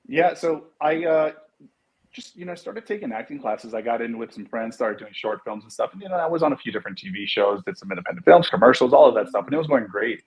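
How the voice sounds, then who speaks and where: A man's voice: medium pitch, fast, slightly rough, rough recording. A middle-aged man from Los Angeles, a guest actor and producer, telling stories in casual interview chat and acting out the lines he quotes. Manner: animated storyteller, acts out quotes.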